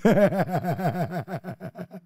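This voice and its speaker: A man's voice: high voice, expressive, drawn-out words, warm tone, slightly rough, no room sound. A man co-hosting a radio show, reading comments aloud and teasing with frequent laughter.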